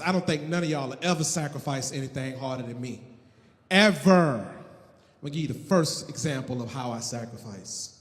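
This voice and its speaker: Male comic, 30s, loud and animated, high pitch, live stage set with hall echo. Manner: loud, shouting, animated storytelling. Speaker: stand-up comedian. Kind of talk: live stand-up comedy. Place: comedy stage in Miami.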